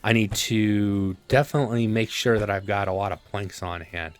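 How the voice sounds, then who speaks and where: A man casually commenting on his gameplay, thinking aloud with relaxed fillers. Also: lowish voice, moderate pace. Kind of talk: casual let's-play commentary.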